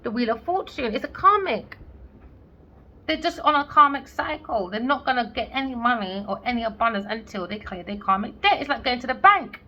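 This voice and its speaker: In slightly dull lo-fi audio with faint background noise, a woman doing a casual tarot reading speaks in a fairly high, bright, forceful voice, animated and a little fast. She's blunt and sarcastic, swears freely and performs lines of imagined conversation.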